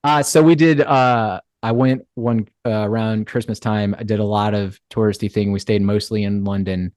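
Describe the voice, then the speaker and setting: A man's voice: fairly low pitch, steady tone, normal speed, a little mellow, dry recording. An American man, a podcast guest, chatting casually with playful short replies.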